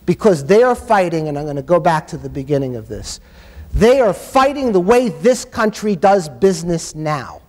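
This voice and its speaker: A man's voice: fairly high pitch, a little mellow. A man giving a conference keynote, telling stories in an emphatic, impassioned way. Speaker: keynote speaker. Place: university conference hall. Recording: long hall reverb.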